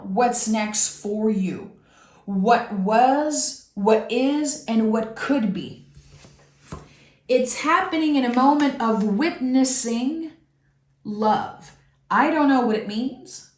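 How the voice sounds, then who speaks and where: A woman giving a slow, soulful tarot reading, speaking gently and earnestly to the viewer with drawn-out pauses and reassurance. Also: medium pitch. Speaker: tarot reader. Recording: roomy echo.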